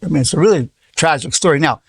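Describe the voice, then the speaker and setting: Fast, gravelly, and husky, this man's voice sits on the high side, with no room sound in the recording. He's an eighty-something psychologist giving a story-laden informal lesson, often repeating words, restarting, and performing quoted dialogue.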